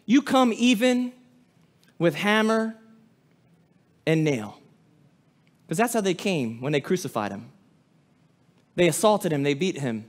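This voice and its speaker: High-voiced man preaching with fervor. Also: sing-song, measured pace, long pauses. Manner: impassioned preaching with sudden drops to a hush. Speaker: pastor. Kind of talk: sermon.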